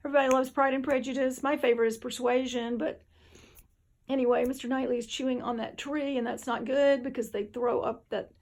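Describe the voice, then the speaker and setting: A woman's voice: sits high, fairly even intonation, fairly quick, a little mellow. A tired woman, just up from a nap, rambling chattily at home in a casual vlog. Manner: rambling, chatty, drifts between topics. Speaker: vlogger. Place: home, indoors.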